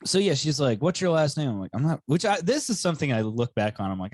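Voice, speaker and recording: A man's voice: medium pitch, fast, few pauses, no room sound. Heated storytelling young man, dry sound. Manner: animated storytelling, swears freely, gets heated and loud. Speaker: podcast co-host and stand-up comedian. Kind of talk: casual chat, storytelling.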